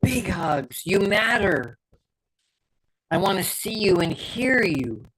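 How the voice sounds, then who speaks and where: A man's voice: high voice, very animated, slow, a bit bright, rough recording. A middle-aged man hosts his own show and delivers an unscripted motivational talk. He speaks with fervent conviction and leans on repeated words and short punchy phrases. A faint hiss of noise sits under his voice. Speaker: podcast host and performance coach.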